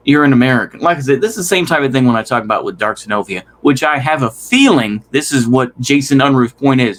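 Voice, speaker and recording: A man's voice: mid-range voice, a bit bright. A man hosting a casual reaction commentary, rambling with restarts and swearing in exasperation. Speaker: commentary host.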